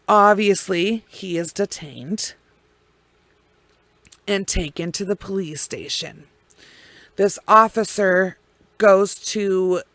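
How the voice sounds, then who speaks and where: A woman telling a true crime case in casual, blunt language full of swearing and heavy pauses. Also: mid-range voice, no room sound.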